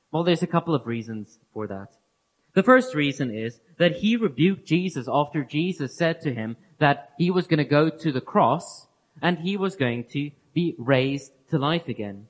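A man giving a Bible teaching talk, earnest and explanatory, who repeats key phrases and lets his phrase endings fall soft and low. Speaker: preacher.

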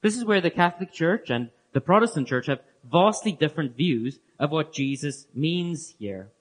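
Man, Bible teaching, earnest, explanatory, repeats key phrases, fairly high voice, phrase endings fade softly. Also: animated, normal speed. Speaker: preacher.

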